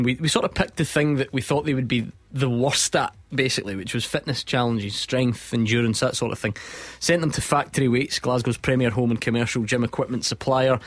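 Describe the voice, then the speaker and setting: A man hosting a sports radio phone-in, chatty and jokey, often breaking into laughter. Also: medium pitch.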